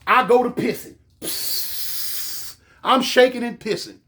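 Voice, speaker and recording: A man casually telling a comic story from his own life, animated and full of street slang. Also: very high-pitched. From California. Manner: animated, slangy, drawn-out pauses.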